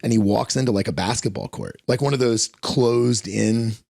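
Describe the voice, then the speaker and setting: A man with a low, gravelly and husky voice tells stories in a casual interview. He swears freely and acts out the voices of lions, dogs and bystanders as he goes. The sound is close and dry. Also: normal speed, dry recording. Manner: profane, animated storyteller acting out voices. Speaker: guest dog trainer.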